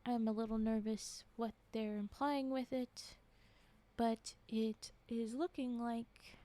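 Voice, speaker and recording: A woman's voice: fairly high pitch, steady tone, slow, dark tone. A woman reading horror stories aloud on a stream, often breaking off to react and comment.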